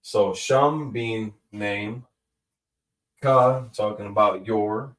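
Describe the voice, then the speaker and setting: This Hebrew language teacher's voice is fairly low in pitch with a fairly bright tone. He explains grammar casually and slowly, thinking aloud, filling pauses and correcting himself, while the mic sits far off in an echoey room.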